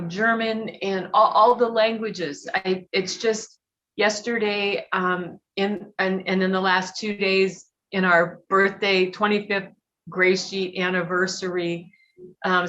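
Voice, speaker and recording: A woman giving an emotional, halting personal share at a recovery meeting, teary and sniffling, with many fillers and restarts. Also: mid-range voice, fairly bright tone, dull audio, slight background noise. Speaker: guest speaker at a recovery meeting.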